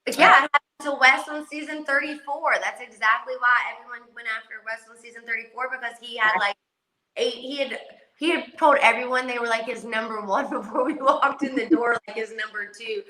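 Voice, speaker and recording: A woman's voice: a little high, fairly even intonation, fairly quick, bright, forceful tone, roomy sound, rough recording. A woman from West Virginia with a Southern accent, a reality show star chatting casually on a call, brash, cursing and laughing often. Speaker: guest, reality competition star. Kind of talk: casual chat on a video call.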